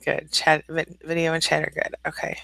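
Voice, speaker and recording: A woman's voice: deep voice, monotone, a little fast, gravelly, sharp tone, no room sound. A woman hosting a casual live-stream coaching chat, laughing often, greeting viewers by name and giving encouraging advice. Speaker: life coach and channel host.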